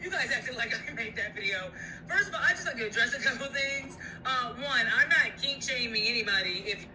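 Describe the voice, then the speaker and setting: A woman telling a story-time vlog in an animated, blunt and profane way. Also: on the high side, fairly quick, noisy background.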